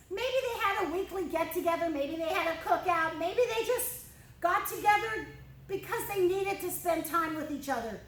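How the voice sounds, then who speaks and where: High-voiced woman telling kids a Bible story. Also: reverberant, a little hiss or hum, low-quality recording. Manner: expressive, addresses children directly. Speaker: children's ministry teacher. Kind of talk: storytelling Bible lesson while drawing. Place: church room.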